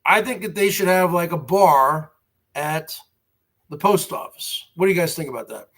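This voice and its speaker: In a moderate-paced, slightly bright voice that sits on the high side, a man hosts a basement livestream, rambling casually. His monologue is full of complaints, profanity, and frequent restarts.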